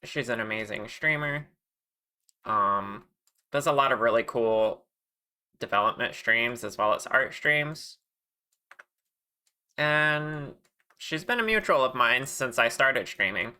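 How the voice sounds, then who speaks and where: Friendly live streamer, unhurried delivery, very bright edge, chatty with chat. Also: mid-range voice, expressive. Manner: friendly, chatty, laughs often, greets viewers. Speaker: streamer and 3D modeler.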